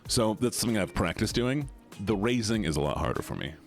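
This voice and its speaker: A man's voice: expressive, brisk, creaky, faint music behind. A man streaming a video game, chatting casually and rambling, jumping between voices. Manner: rambling, jumps between pitches while demonstrating voices. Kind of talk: casual gaming stream chat.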